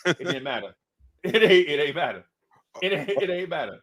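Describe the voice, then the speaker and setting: A man's voice: on the high side, normal speed. A man telling a childhood story in casual chat, laughing often and acting out the people in it. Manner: animated, laughing, acts out the people in his stories. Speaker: podcast co-host.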